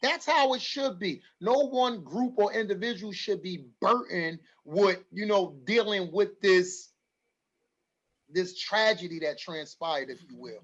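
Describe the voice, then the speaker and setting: A man's voice: high voice, unhurried, fairly bright tone, lo-fi sound. A man hosting an online community forum, talking emphatically and repeating his lines for stress. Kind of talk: livestream community address.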